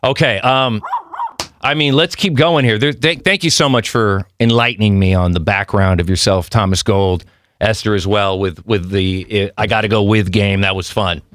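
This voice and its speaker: A man's voice: fairly low pitch, moderate pace, fairly bright tone, dry recording. A man hosting a podcast interview, playful and eager, joking with his guests. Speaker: podcast host. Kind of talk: casual interview chat.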